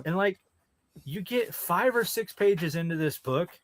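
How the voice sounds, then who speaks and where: A man's voice: high voice, expressive, unhurried, no room sound. Blunt, swearing comics-podcast man. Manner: blunt, exasperated, swears freely. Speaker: podcast co-host. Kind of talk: casual comics review chat.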